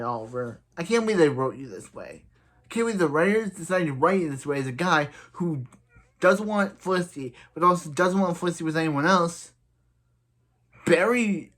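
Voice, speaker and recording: A man's voice: fairly high pitch, a bit bright. A young man casually reviewing a TV episode, rambling with lots of filler words and sounding exasperated at the characters.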